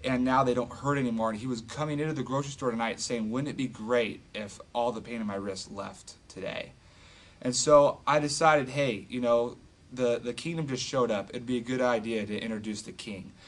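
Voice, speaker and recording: Man telling an animated testimony. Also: medium pitch, fairly quick. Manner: animated, filler-heavy retelling with acted quotes. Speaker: street evangelist telling a testimony. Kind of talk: casual storytelling.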